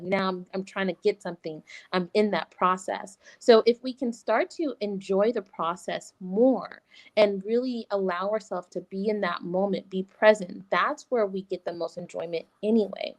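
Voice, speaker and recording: A woman hosting a podcast, chatting casually in a mid-range voice. She talks in an animated, affirming way and keeps checking in with her listener. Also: medium pitch, low-quality recording. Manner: animated, affirming, says "like" and "right?" often. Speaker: podcast host. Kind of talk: casual chat.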